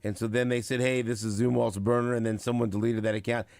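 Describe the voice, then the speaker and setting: A man hosting a sports radio show, talking casually with big swings between loud bursts and quiet asides, acting out what others said. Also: mid-range voice, fast talker, no room sound. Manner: animated, swings loud and quiet, acts out quotes. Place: radio studio. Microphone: studio microphone.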